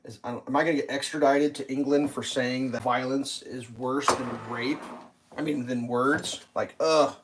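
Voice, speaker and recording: A man's voice: mid-range voice, steady tone, normal speed, background noise. A man hosting a casual livestream while cooking, rambling and swearing, with lots of fillers, and faint kitchen clatter behind him. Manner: rambling, profane, filler-heavy. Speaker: livestream host.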